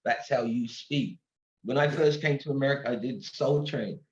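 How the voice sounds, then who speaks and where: An English man in his sixties tells stories as a guest, animated and quick to laugh. His voice sits in an echoey room. The sound is a little dull and muffled. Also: medium pitch. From England. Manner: animated storyteller, laughs often. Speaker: guest singer. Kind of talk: casual interview chat. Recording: roomy, dull-sounding audio.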